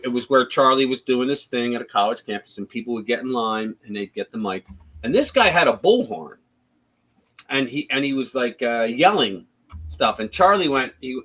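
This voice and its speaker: A man hosting a casual live stream, blunt and profane in his commentary. His voice rides a wide, animated range of pitch while he stumbles through restarts and retells events with energy. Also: poor audio. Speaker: livestream host.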